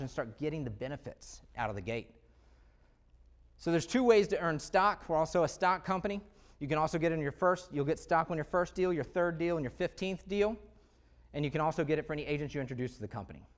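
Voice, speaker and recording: A man giving an energetic, conversational presentation to real estate agents, full of rhetorical questions. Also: on the high side. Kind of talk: live sales presentation.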